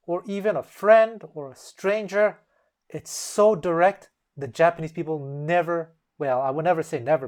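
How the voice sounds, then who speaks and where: A language-lesson host explaining step by step in a casual way and acting out example phrases in shifting tones. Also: mid-range voice.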